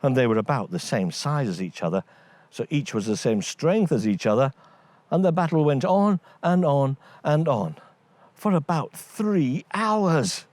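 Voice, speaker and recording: Animated male storyteller, slow and dry. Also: medium pitch, no echo. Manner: lively, voices each character. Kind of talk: scripted bedtime story narration.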